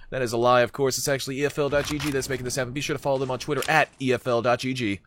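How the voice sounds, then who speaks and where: A man giving live play-by-play esports commentary, energetic, joking and off-the-cuff. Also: mid-range voice, rapid-fire, hardly any pauses, slight background noise.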